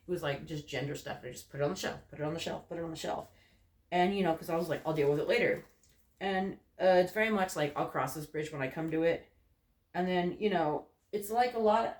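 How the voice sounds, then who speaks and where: Rambling young man, roomy bedroom echo. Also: on the high side. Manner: rambling, frequent "like" and "you know" fillers, candid. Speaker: vlogger. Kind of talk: casual personal ramble to camera. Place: bedroom corner.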